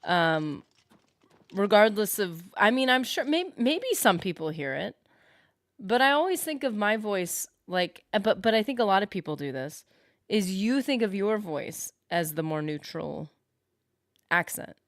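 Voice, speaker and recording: A woman's voice: medium pitch, animated, a little slow, no room sound. Chatty woman streaming a game, dry mic. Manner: chatty, rambling, thinks aloud, reads chat and answers it. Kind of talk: casual live-stream chat while gaming.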